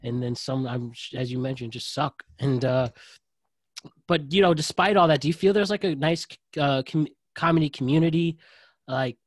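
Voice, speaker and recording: A man's voice: mid-range voice, normal speed, no room sound. A man hosting a podcast, asking long, rambling questions with many restarts in a casual interview. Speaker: podcast host. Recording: dry, close sound.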